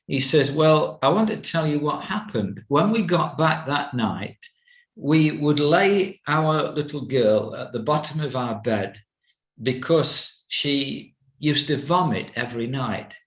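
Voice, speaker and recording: An older man giving a personal testimony as an evangelist, slow and halting, with many fillers. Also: on the high side, lively intonation. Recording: roomy echo.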